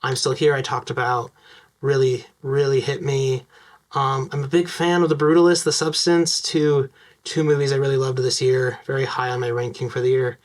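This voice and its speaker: Fast-talking, excitable young man. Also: mid-range voice. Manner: enthusiastic, fast-talking with frequent fillers. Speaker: vlogger. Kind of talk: casual film commentary to camera.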